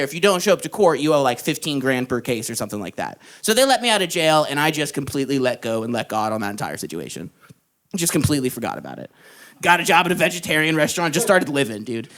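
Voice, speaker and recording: Bright, lively young male comic. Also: high voice. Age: young adult. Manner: casual storytelling, says dude a lot, acts out quoted lines. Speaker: stand-up comedian. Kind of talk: stand-up comedy set. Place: comedy club stage.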